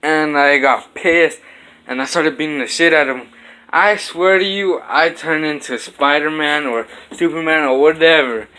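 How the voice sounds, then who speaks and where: Young male vlogger, bright voice, animated storyteller, punches out his own sound effects. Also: on the high side, moderate pace. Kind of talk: casual storytelling vlog. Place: home kitchen.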